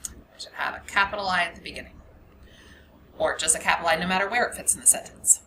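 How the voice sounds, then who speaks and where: A woman's voice: fairly low pitch, fast talker, creaky, pushed and bright, slight background noise, rough recording. A woman teacher giving a grammar lesson, explaining patiently step by step and repeating the key points.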